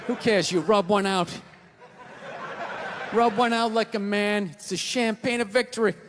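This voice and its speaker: A man doing stand-up comedy at a high, strained pitch, swearing his way up to shouted punchlines. A long hall reverb trails his voice, with a crowd and steady noise underneath. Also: unhurried. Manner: profane, building to shouted punchlines.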